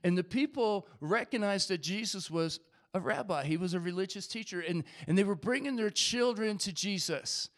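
A man's voice: high voice, expressive, normal speed. A man preaching a sermon, reading scripture aloud and acting out the voices of the crowd.

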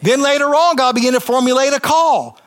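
A high-pitched man preaches his testimony before a church congregation. He talks to them conversationally but with rising passion, leaning on emphatic repetition. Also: brisk, fairly bright tone. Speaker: pastor. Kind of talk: testimony sermon.

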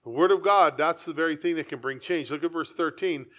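A man's voice: a little high, very animated, a little fast, hardly any pauses, a bit bright. A man preaching a sermon as pastor, earnest and conversational, with frequent asides to the congregation.

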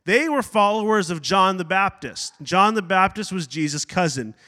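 A high, bright-toned man preaches a sermon in a church sanctuary, where his voice rings with a long reverb. He preaches with energy, breaks off for side notes and acts out quotes as he goes. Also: moderate pace. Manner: animated preaching with asides and acted-out quotes. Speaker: pastor.

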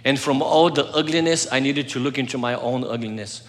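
A pastor delivering an earnest sermon, telling a personal story and swinging between loud passages and soft, hushed moments. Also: male voice, medium pitch, a little fast, big-room sound.

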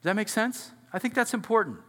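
A man with a high, bright voice preaches a sermon in a church sanctuary. He talks to his congregation conversationally and keeps checking in with questions. His voice rings out with a long reverb from the hall. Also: animated, fast. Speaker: pastor.

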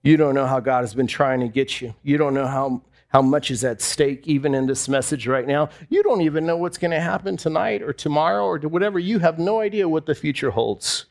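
A man's voice: fairly high pitch, a little fast, gravelly, hardly any pauses. A man preaching a sermon to a congregation, conversational, repeating phrases and asking the room questions. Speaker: pastor. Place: church hall before a congregation.

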